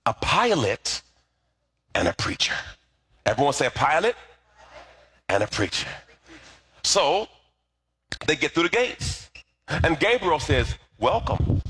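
With a lowish, breathy-edged voice, a middle-aged pastor delivers a sermon full of lively storytelling, prompting the congregation to call back responses.

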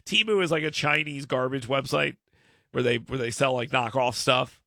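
A man's voice: mid-range voice, normal speed, vocal fry, bright, forceful tone, no room sound. A man hosting a talk radio show, giving emphatic commentary and often repeating words as he starts a point.

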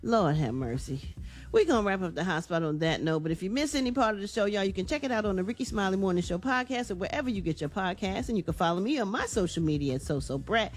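A woman's voice: medium pitch, lively intonation, fast talker, soft background music. A woman hosting an entertainment news segment on a morning radio show, chatty and casual. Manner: chatty, casual, uses "y'all".

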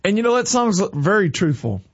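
A man's voice: high voice, sing-song, fairly quick, husky, lo-fi sound. A man hosting a Christian radio morning show, upbeat and preachy, reading the weather and laughing at his own jokes.

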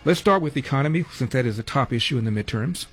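A man's voice: mid-range voice, lively intonation, fast, fairly bright tone, soft background music. A male talk radio host delivering a headline rundown and monologue in a studio, with wry, sardonic asides.

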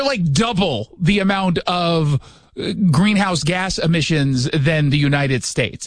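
A man's voice: sits high, no echo. A middle-aged man hosting a radio talk show in a studio, riffing sarcastically and interrupting himself with jokes. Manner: sarcastic, joking, self-interrupting. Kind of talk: casual political commentary.

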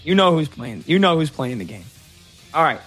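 A man hosting sports talk radio, chatty and joking, quick to slip into impressions. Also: a little high, sing-song, a bit bright, faint music behind.

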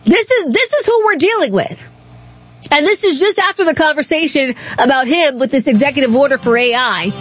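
A woman hosting a talk radio show, telling stories and giving opinions in an animated, casual way. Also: high voice, fairly quick. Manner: animated storytelling, laughs often.

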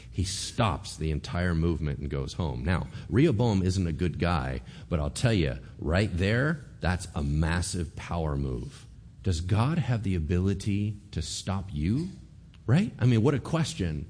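Male pastor, lowish voice, very animated delivery, storytelling sermon. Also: moderate pace. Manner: lively storytelling, acts out voices, rhetorical questions.

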